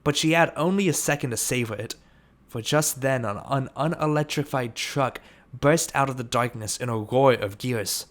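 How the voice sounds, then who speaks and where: A man narrating an audiobook, reading steadily and lifting his voice for shouted lines. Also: mid-range voice, moderate pace. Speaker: audiobook reader.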